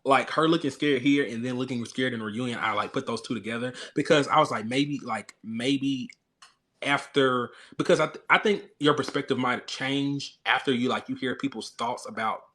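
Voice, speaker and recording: A man's voice: mid-range voice, moderate pace, a bit bright. A man hosting a casual reality TV recap chat over a video call, rambling with lots of fillers. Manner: chatty, filler-heavy, rambling. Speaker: podcast host.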